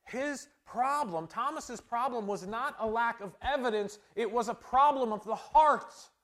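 Guy preaching a sermon, pretty high voice, goes from almost whispering to loud, really emphatic. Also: a little slow. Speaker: pastor.

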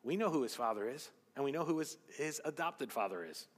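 A man preaching a sermon as pastor, swinging between loud emphasis and hushed asides. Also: medium pitch, expressive, fairly quick. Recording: long hall reverb.

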